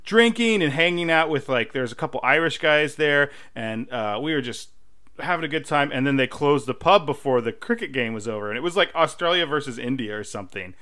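A man's voice: medium pitch, lively intonation, brisk, bright, forceful tone. A man co-hosting a podcast, telling loose, joking stories in casual chat and laughing often. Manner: laughing, jokey storyteller. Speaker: podcast co-host.

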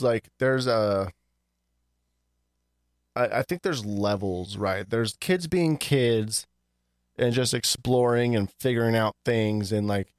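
A man's voice: fairly low pitch, no echo, studio quality. A man co-hosting a podcast in loose, rambling casual chat, swearing freely. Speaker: podcast co-host.

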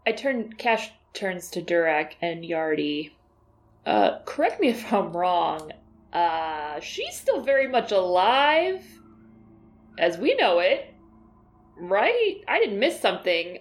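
A woman playing a tabletop game, speaking in character with bold, blunt joking. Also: mid-range voice. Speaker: player. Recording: faint music behind.

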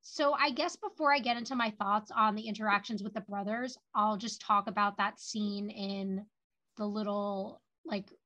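A woman's voice: medium pitch, fairly even intonation, moderate pace, bright, forceful tone. A woman co-hosting a podcast, recapping a TV episode in casual chat, full of "like" fillers. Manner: chatty, lots of "like" fillers. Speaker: podcast co-host. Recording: dull lo-fi audio.

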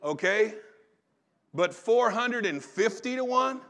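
A man preaching a sermon in a relaxed, conversational storytelling way, often restarting his phrases. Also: sits high, slow pace. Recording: long reverb of a large hall.

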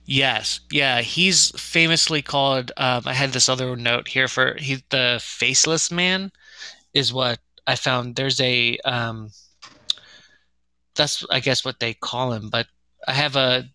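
A man with a gravelly, very bright and sharp voice, speaking close to the mic in a dry room. He co-hosts a podcast, halting and filling pauses as he checks his notes. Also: medium pitch, no echo. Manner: hesitant, many fillers, reads from notes. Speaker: podcast co-host. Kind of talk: casual chat.

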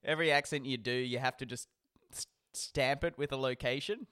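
A man's voice: mid-range voice, fairly quick, pushed and bright, clear, resonant tone. A man with an Australian accent, co-hosting a casual podcast chat, teasing and laughing often. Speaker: podcast co-host.

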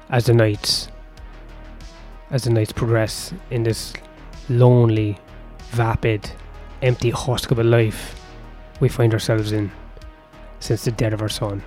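A man's voice: medium pitch, a little mellow. A man improvising a spoken story, rambling with profane asides and breaking off to comment on his own tale.

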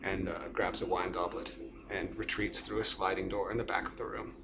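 Game master, man, fairly low voice, steady narration, clear background noise. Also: fairly quick.

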